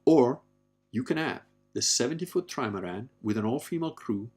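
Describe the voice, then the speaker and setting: A man's voice: mid-range voice, animated, a little fast, breathy edge, faint music behind. A man in his fifties talking candidly in a rambling casual monologue, blunt and given to swearing. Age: 50s. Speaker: podcast host.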